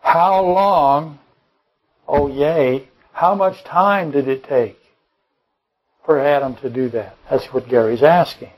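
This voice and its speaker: In a rough recording, a pastor with a fairly high-pitched voice preaches a Bible-study sermon at a slow pace. He rambles, corrects himself mid-sentence, fires off rhetorical questions, and slips in joking asides.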